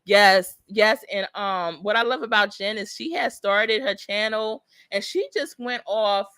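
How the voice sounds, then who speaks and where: A woman hosting a casual livestream who reads viewer comments aloud and chats in an animated, excitable way. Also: medium pitch, unhurried, smooth, no room sound, clean studio sound. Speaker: psychic livestream host.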